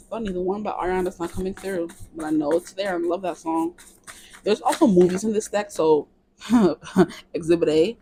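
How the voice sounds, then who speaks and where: A woman's voice: fairly low pitch, moderate pace, warm tone, a little hiss or hum. Chatty playful woman tarot reader. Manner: chatty and playful, sings snippets of songs. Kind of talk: casual tarot reading to camera.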